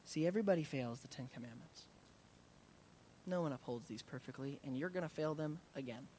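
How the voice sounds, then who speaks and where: A man preaching a sermon as pastor, earnest, rising in intensity and then dropping soft to pray. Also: on the high side, fairly quick, a little hiss or hum.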